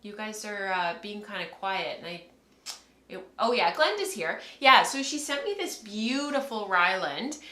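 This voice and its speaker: Chatty bright-voiced woman host. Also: medium pitch, expressive, a little slow, echoey room. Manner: chatty, rambling, laughs often. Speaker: podcast host. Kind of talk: casual livestream chat. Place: home, filming on camera.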